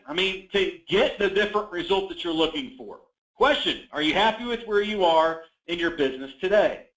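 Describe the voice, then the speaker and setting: Energetic male real estate coach, echoey room. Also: high-pitched. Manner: energetic, enthusiastic, many fillers. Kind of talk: coaching webinar.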